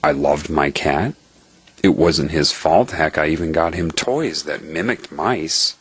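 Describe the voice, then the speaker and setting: A man narrating a first-person testimony in a calm, earnest, musing way. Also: low voice, breathy edge, no room sound. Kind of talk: reflective first-person storytelling.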